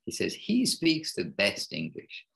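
A man hosting an informal devotional class online, speaking haltingly and rephrasing himself mid-sentence. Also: lowish voice, wildly swooping pitch, gravelly, fairly bright tone, breathy edge, low-quality recording. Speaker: class host.

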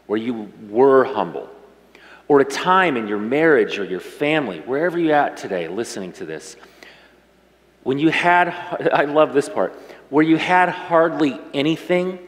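Conversational male pastor in echoey hall. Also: mid-range voice. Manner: conversational, emotional, speaks to congregation directly. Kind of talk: sermon. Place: church sanctuary. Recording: reverberant church hall.

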